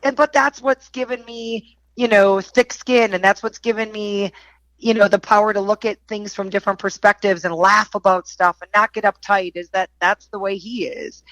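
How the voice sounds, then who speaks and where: A middle-aged woman with a clear Wisconsin accent, a guest on a podcast chatting casually. She tells stories animatedly and laughs easily, at a middle pitch. Her voice sits dry and close. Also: normal speed, dry recording, poor audio. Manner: animated storyteller, laughs often. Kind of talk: casual chat.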